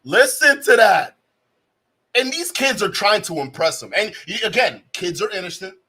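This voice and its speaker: A man streaming live, reacting to a clip with animated, mocking commentary. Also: sits high, moderate pace, a little hiss or hum, rough recording. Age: adult, has a child. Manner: animated, mocking, breaks into laughter.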